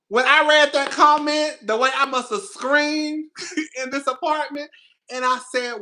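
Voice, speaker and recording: Bright-voiced man in a gossipy vlog. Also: extremely high pitch, measured pace. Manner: laughing, animated, profane, repeats himself. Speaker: commentary vlogger. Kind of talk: casual gossip commentary. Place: apartment.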